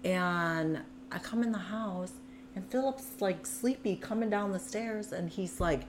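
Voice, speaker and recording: A woman of medium pitch speaks a little slowly over a noisy background, appearing as a guest. She earnestly relays her own story in candid conversation, the narration rolling forward with frequent "like"s and "you know"s.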